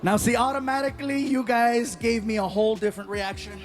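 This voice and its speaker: Animated stand-up man, music behind. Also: extremely high pitch, fairly quick. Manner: animated, shouts the punchlines in voices. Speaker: stand-up comedian. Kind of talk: stand-up storytelling. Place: stage before a large audience.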